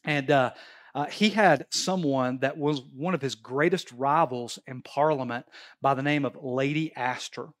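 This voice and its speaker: A man's voice: mid-range voice, measured pace. A male pastor preaching a sermon at a church service, telling stories and pressing his points emphatically. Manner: animated, emphatic storytelling preacher.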